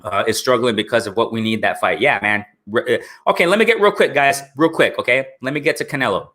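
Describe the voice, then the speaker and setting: A man talks with a bright, forceful voice at a middle pitch. He hosts a casual live stream and answers chat as it comes in. He keeps checking in with his listeners as he talks. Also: fast. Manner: talkative, repeats "you know what I'm saying". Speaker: host of a live boxing stream.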